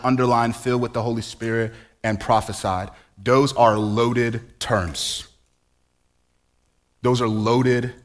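A man's voice: lowish voice, fairly bright tone. A man in his forties preaching a sermon in a conversational way, full of rhetorical questions and playful asides. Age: 40s. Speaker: pastor.

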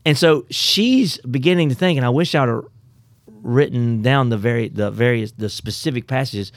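A man co-hosting a casual Bible study talk, telling the story with animated, playful asides. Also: mid-range voice, normal speed, dry recording, studio quality. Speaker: co-host of a Bible study podcast.

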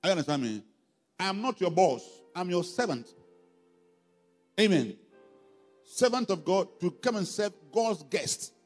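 A man's voice: high voice, very animated, measured pace, pauses often. A man with a Ghanaian accent preaching a sermon in a church hall, emphatic and full of call-and-response questions to the congregation. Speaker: pastor. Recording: long hall reverb, faint music behind.

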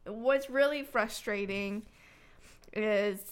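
A woman's voice: mid-range voice, slow, smooth. A woman co-hosting a podcast, giving blunt opinions in casual chat about a dating show. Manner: opinionated, quotes people. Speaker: podcast co-host.

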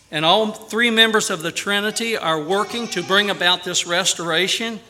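Man preaching a sermon, high voice, very bright tone, earnest, emphatic. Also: moderate pace, few pauses. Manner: earnest preaching, with emphatic rises and softer prayer.

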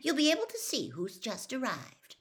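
A woman voicing a clever teenage girl who speaks briskly and tartly. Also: on the low side, wildly swooping pitch, fairly bright tone, full character voice. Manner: brisk, tart.

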